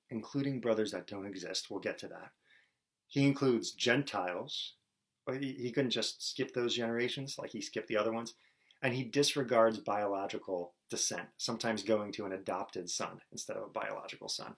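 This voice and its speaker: A man delivers a teaching sermon in a medium-pitched voice. He explains his points step by step. He breaks them up with lively rhetorical asides. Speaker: preacher.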